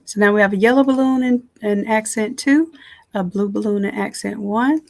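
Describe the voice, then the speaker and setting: Talking straight to her viewers from home, this woman design instructor gives a relaxed, chatty live software tutorial. She has a gravelly, mid-range voice and speaks at a normal speed.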